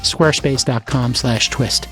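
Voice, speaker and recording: Over soft background music, a man with a medium-pitched voice speaks a little slowly as he hosts a podcast. His casual talk is animated and full of jokes, and when he reads an upbeat ad he becomes salesy.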